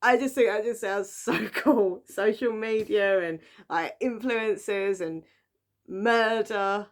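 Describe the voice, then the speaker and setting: This young book vlogger talks at a measured pace in a mid-range voice. She chats informally about the books she picked up, wandering from point to point and filling the gaps with plenty of fillers.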